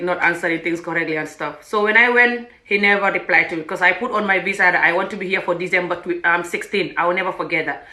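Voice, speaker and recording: A woman vlogger telling a story in a chatty, animated way that often tips into laughter. Her voice is bright and sharp, and it rings through an echoey room. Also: on the low side. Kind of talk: casual storytelling to camera.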